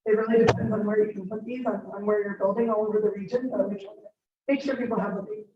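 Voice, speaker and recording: A hoarse woman giving an upbeat, informal presentation to a group, explaining things step by step. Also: mid-range voice, steady tone, fast talker. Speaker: guest speaker. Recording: distant roomy dull meeting recording.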